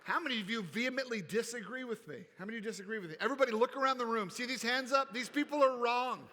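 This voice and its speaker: Keynote man, high and bright, playful crowd work in a long-reverb hall. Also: very fast, slight background noise. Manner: playful, animated, crowd-engaging. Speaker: keynote speaker. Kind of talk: energetic keynote speech. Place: large convention hall.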